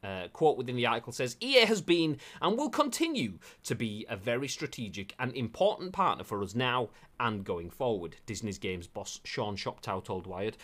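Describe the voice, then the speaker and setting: A man's voice: medium pitch, very animated, normal speed, hardly any pauses, a bit bright. A man hosting a casual live-streamed video game news show, reading articles aloud with jokey asides. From United Kingdom.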